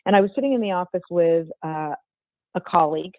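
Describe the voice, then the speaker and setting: An older woman, a former football executive, telling an interview story in a measured, emphatic way with a strong voice. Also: on the low side, no room sound. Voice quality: strong, not dainty voice. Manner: measured, emphatic, precise phrasing. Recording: tinny phone-like remote line.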